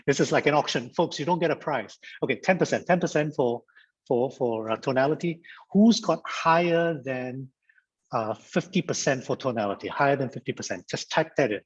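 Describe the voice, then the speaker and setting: A man's voice: mid-range voice, normal speed, husky, lo-fi sound. A man from Singapore giving an interactive online lecture as a guest speaker, repeating phrases and joking like an auctioneer. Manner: lively, repeats phrases, auctioneer-style banter. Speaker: guest speaker at a mediation training. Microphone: video call.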